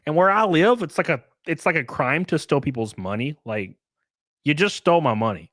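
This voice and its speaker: A man tells a story on his podcast in a loose, conversational rant. His voice sits a little high for a man. He swears freely and acts out the calls he made. The sound is dry, with no room echo. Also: fast. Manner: animated, profane, acts out his own phone calls. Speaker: streamer and podcast host.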